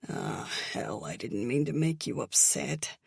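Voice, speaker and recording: A woman voicing a caring young male bartender friend in an audiobook, speaking gently with concern. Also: rumbling low, wildly swooping pitch, a little slow, gravelly, breathy edge, dry recording, clean studio sound, voice pushed down, heavily acted.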